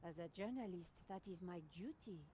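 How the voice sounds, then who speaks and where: An actress playing a brisk, curious young journalist in a video game, asking probing questions. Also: female voice, on the low side, warm tone, husky.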